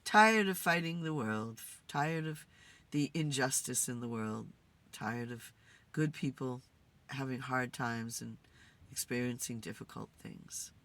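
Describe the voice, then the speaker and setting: A woman host talking to spirits in a casual, musing way, tired and low on energy. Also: a little slow, fairly bright tone. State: tired, yawning. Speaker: spirit communicator and channel host. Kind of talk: casual spirit session monologue. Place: in a car.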